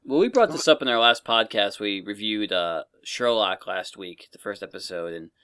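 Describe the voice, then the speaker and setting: A man's voice: lowish voice, lively intonation, moderate pace, sharp tone, clear, resonant tone, dry recording, clean studio sound. A man co-hosting a podcast in casual chat, wry and teasing. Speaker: podcast co-host.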